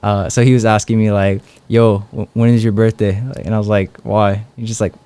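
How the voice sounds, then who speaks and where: A man's voice: lowish voice, flat delivery, brisk, warm tone, smooth. A young man, a street evangelist, telling stories in a casual interview, full of fillers and acted-out dialogue. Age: young adult. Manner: rambling, many fillers and quoted dialogue.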